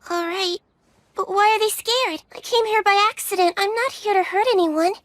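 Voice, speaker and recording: A woman's voice: very high voice, moderate pace, a bit bright. A polite young witch girl. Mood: earnest. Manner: polite, earnest. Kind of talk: anime English dub.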